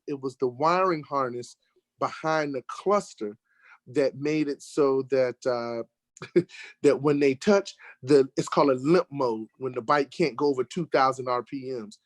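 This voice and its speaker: An American man with a medium-pitched voice tells a lively road-trip story as a guest on an online talk show, with no echo on the recording. The conversation is casual, and he's an animated storyteller whose voice rises sharply and gets worked up when he acts out arguments.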